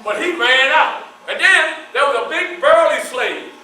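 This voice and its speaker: A man performing as a historical figure, telling his life story in the first person to a live audience, animated and asking the audience questions as he goes. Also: very high voice, measured pace. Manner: animated, asks the audience questions and answers them. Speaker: historical reenactor performing in character. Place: large echoey hall with an audience. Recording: echoey hall from far off, mains hum.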